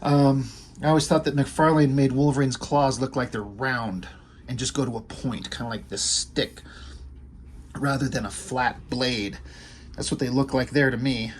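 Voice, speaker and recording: A man's voice: medium pitch, steady tone, normal speed, a little hiss or hum. A man casually talking through a comic book page by page, rambling and enthusiastic with offhand asides. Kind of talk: casual video commentary.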